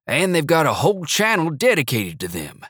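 A man's voice: a little high, huge pitch swings, normal speed, fairly bright tone, husky, dry recording, studio quality, voice pushed up, exaggerated voice. A man reading an audiobook, voicing a proud, cheerful elderly grandfather who boasts with delight. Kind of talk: audiobook character voice.

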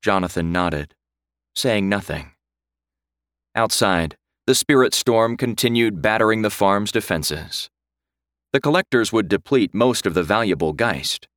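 A man narrating a dark story in a grave, measured way. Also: lowish voice, lively intonation, dry recording, clean studio sound. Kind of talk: scripted audiobook narration.

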